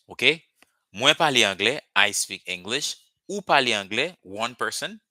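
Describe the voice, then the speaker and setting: A man's voice: medium pitch, expressive, measured pace, sharp tone, no room sound. A man, a Creole speaker, teaching a live online language lesson over a video call and patiently repeating words for drilling. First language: Haitian Creole.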